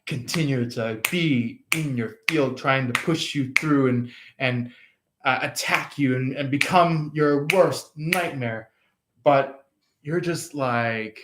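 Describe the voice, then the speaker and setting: A man giving a casual tarot reading, rambling and halting with many fillers. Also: mid-range voice. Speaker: tarot reader. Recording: roomy echo.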